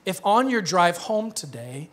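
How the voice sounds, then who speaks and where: A man in his thirties preaches to his church in a loose, conversational way. His voice sits a little high, and he keeps slipping into jokes and quick laughs between points. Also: big pitch swings. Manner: conversational, joking, laughs often. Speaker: pastor. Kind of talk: sermon.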